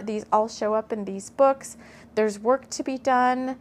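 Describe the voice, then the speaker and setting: Woman, somewhat high-pitched, middle-aged, mystical story reader, earnest, gushing, emotional asides. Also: fairly even intonation, slow, fairly bright tone. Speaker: spiritual storyteller. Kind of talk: reading a channeled story aloud, with asides.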